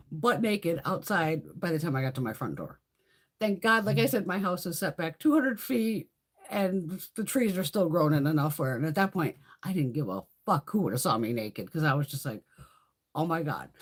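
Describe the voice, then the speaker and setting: A middle-aged woman chatting on a live stream, telling a story in a profane, animated way with a husky voice. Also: fairly low pitch. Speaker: beauty vlogger. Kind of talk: casual live-stream chat.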